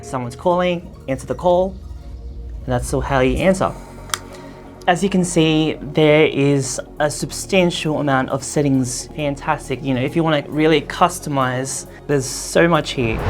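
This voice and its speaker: Low-voiced woman reviewing gadgets. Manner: chatty, loose, with frequent fillers. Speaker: tech product reviewer. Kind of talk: casual product review.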